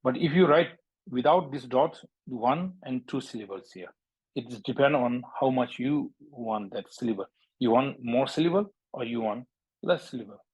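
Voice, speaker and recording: Bhutan-born male teacher, husky, mid-pitched, patient drill of sounds, halting delivery. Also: lively intonation, darkish tone, dry recording, lo-fi sound. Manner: halting, repeats words, drills sounds aloud. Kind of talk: language lesson.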